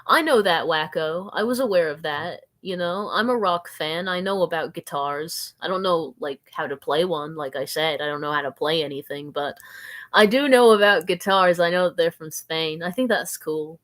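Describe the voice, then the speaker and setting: A woman's voice: deep voice, normal speed, few pauses, a bit bright. A woman from the American South rambling through a live stream, giggling, mocking herself and answering viewer comments. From Southern United States.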